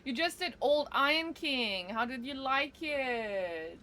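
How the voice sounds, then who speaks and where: A woman's voice: sits high, lively intonation, slow, sharp tone. Chatty woman streaming a game. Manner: chatty and musing, thinks aloud with fillers. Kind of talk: casual live-stream gameplay commentary.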